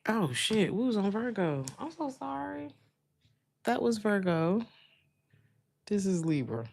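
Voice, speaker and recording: A woman's voice: medium pitch, very animated, a little slow, a little mellow, slight background noise. A woman giving a casual tarot reading, chatting with her viewers in loose, slangy speech and laughing often. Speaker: tarot reader.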